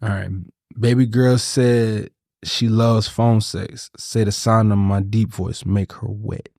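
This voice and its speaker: Un hombre joven, copresentador de podcast, conversa de forma casual y cuenta anécdotas con subidas de tono al enfatizar. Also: male voice, slow, creaky, no room sound, clean studio sound. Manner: animated storytelling, pitch jumps when emphatic. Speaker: podcast co-host. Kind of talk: casual chat.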